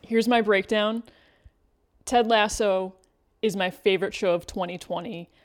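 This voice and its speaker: A woman co-hosting a podcast in casual chat, measured and upbeat as she reads out listener questions. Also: mid-range voice, fairly even intonation. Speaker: podcast co-host.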